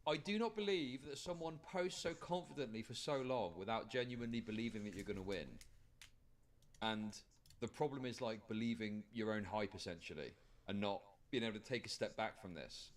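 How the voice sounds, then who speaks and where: A man's voice: lowish voice, brisk. A man in opinion commentary, blunt and emphatic, swearing as he argues.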